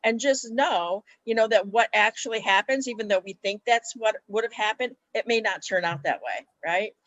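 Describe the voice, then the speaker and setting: A woman hosting a live-streamed interview over a video call, speaking warmly and directly to her viewers. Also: on the high side, normal speed, no room sound, dull audio. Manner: warm, direct and reassuring toward the viewers. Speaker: host of a weekly live show.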